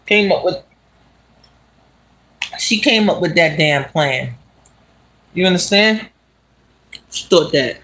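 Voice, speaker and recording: A vlogger casually retelling a movie plot while walking outdoors, talking in an animated, slangy way and laughing as they go. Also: medium pitch. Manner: animated, slangy, laughs as it talks, asks "you understand?". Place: outdoors on city streets.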